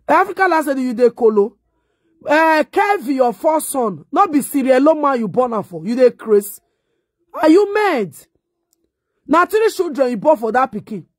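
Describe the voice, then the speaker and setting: A woman's voice: high voice, dry recording, studio quality. A middle-aged Nigerian woman vlogger delivering a mocking, insulting rant. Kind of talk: ranting monologue.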